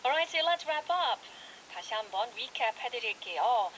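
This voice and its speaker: A woman DJ on a studio radio show, her voice high and very quick. She drops into slow, clear English when she gives example phrases, then speeds up again in Korean. The broadcast sound is a little dull, with a faint hiss. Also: big pitch swings, fairly bright tone. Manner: switches rapidly between Korean and slow, clearly spelled English. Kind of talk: bilingual radio chat.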